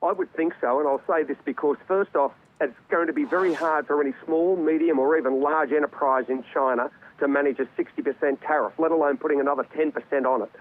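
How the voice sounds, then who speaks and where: A man giving live market commentary as a guest over a remote link, conversational with many fillers and repeated words. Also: medium pitch. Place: remote link from another city. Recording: tinny phone-like remote line.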